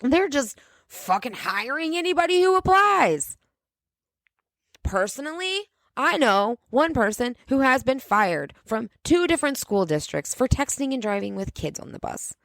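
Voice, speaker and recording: A woman's voice: high voice, very animated, measured pace, a bit bright, no echo. A woman hosting a solo podcast, ranting in a sarcastic, profane way about things that annoy her. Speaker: podcast host.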